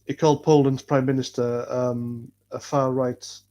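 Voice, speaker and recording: A North Welsh man hosts a casual livestream, talking bluntly and swearing freely as he rambles from point to point. His voice sits at an ordinary middle pitch. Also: little pitch movement, measured pace, warm tone. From North Wales. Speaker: livestream host reading chat.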